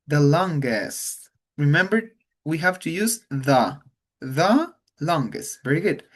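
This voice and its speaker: Man teaching English, unhurried and careful, repeats words so students hear them. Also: fairly high pitch, animated. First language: Spanish. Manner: slow, patient, repeats words to model pronunciation. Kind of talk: online English class.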